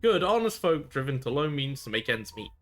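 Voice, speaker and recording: A shifty, boastful space pirate marooned on a barren rock pleads and brags in gruff, wheedling, folksy tones, as a man reading game dialogue puts him on. The voice sits well above the reader's own, loud and sharp-edged. Faint game music plays underneath. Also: a little high, very animated, a little fast, voice pushed up. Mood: sly.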